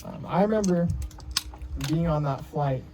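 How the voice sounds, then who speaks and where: A slightly high-pitched man in his twenties speaks unhurriedly over background noise as the groom giving a heartfelt wedding speech. He rambles through his stories, restarting often and filling gaps with ums and uhs, in an emotional, personal address.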